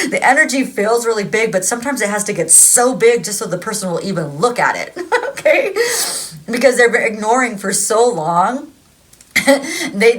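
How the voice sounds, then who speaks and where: A woman's voice: mid-range voice, fairly bright tone. A woman in her thirties giving a casual tarot reading, chatty and rambling, often laughing. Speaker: tarot reader.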